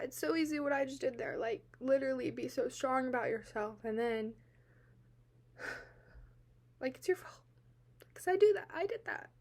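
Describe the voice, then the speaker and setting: A young woman vlogger tells a personal account to the camera in a high voice. She is halting and teary-eyed, uses lots of filler words, and swings between quiet and loud.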